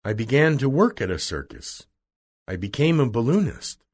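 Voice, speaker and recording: A man's voice: medium pitch, sing-song, normal speed, a little mellow, husky, voice pushed up. A man reading aloud and voicing a frightened little old male wizard who speaks in a small, pleading voice. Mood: explaining.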